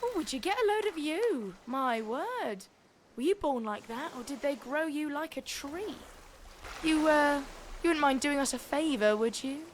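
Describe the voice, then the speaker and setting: A woman's voice: sits high, lively intonation, a little slow, a little hiss or hum. An actress playing a sarcastic, scheming female pirate captain. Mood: coaxing. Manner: sarcastic, coaxing and bossy. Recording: game audio with faint music behind.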